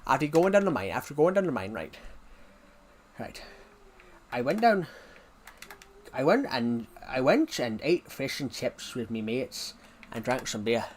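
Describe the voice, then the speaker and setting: A man's voice: medium pitch, sing-song, a little fast, hardly any pauses, a bit bright, slight background noise. A man voicing a rowdy rural farmer with a thick accent, chanting and repeating his lines in a sing-song way.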